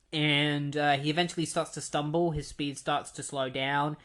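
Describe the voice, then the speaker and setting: A man's voice: a little high, fairly bright tone. A man casually recapping a comic book plot, rambling with many fillers. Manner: rambling, many ums and likes. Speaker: comic book retrospective host.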